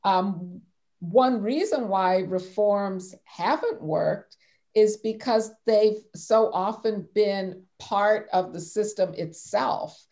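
A woman speaking as a panelist in an academic discussion, measured and thoughtful, often restarting her sentences. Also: medium pitch, a little mellow.

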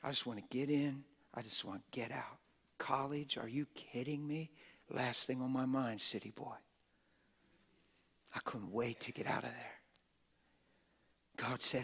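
Middle-aged male preacher, plain street talk, dramatic whisper-to-shout delivery, even mid pitch. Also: measured pace, creaky, long pauses, slightly rough. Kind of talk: sermon. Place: church auditorium.

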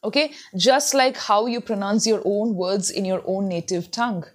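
A woman's voice: medium pitch, moderate pace. A woman giving earnest advice in a spoken lesson, repeating words to model how they sound. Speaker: English tutor. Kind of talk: spoken English lesson to camera.

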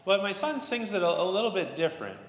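A pastor in his thirties speaks gently to children, telling a story with halting restarts. His voice sits a little high for a man. It rings through a roomy chapel with a long reverb tail. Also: sing-song. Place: church chapel.

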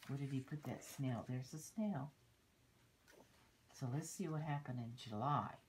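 An older woman reading a picture book aloud to children, pausing to point at the pictures and explain. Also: very deep voice, a little mellow, a little hiss or hum, rough recording. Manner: unhurried, stops to point out pictures and teach. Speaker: storybook reader.

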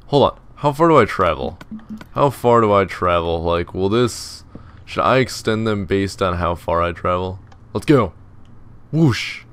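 A man's voice: low voice, animated, normal speed, a bit bright, clear, resonant tone. A young man giving casual, rambling gameplay commentary, joking about himself and mimicking his commenters. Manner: chatty, rambling, self-mocking, mimics commenters in silly voices. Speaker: gaming video host. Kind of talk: casual let's-play commentary.

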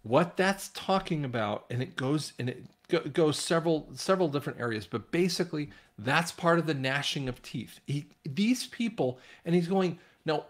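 A man's voice: on the high side, expressive, normal speed, few pauses. A man giving informal Bible teaching, rambling with restarts and retelling scripture in a casual, conversational way.

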